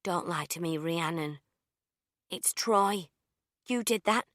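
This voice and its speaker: A woman's voice: on the low side, takes it slowly, a bit bright, dry recording, studio quality. A woman reading an audiobook, voicing an anxious young woman who pleads and turns tearful. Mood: distraught. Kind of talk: audiobook character voice.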